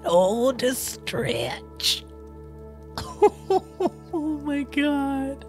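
A woman giving excited let's play commentary, gushing and giggling with lots of delighted exclamations. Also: low voice, slow pace, long pauses, faint music behind, rough recording. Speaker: gaming YouTuber.

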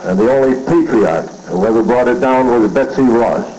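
A man's voice: medium pitch, expressive, normal speed, mellow, highs cut off. A man comedian delivering insulting, bawdy one-liners at a roast on a banquet dais. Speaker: roast speaker. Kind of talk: stand-up roast.

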